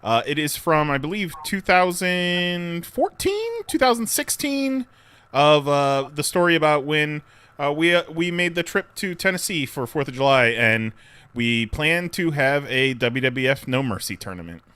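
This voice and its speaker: A man trading jokes as a podcast co-host, his voice bright and tense. His pitch jumps around a lot, and the sound is dry and close. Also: a little slow, clear, resonant tone, dry recording. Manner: joking, animated banter. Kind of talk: casual chat.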